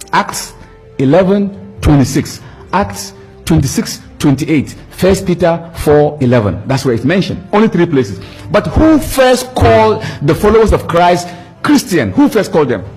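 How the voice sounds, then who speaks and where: A man's voice: on the high side, husky. A man preaching and retelling a debate, acting out both sides with emphatic repetition. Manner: animated, acts out both sides of the exchange; emphatic, repeats words for effect. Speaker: Islamic preacher.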